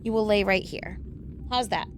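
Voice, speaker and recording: A woman's voice: mid-range voice, normal speed. A woman live-streaming a video game, chatting casually and talking to her pet as she plays, with faint game music underneath.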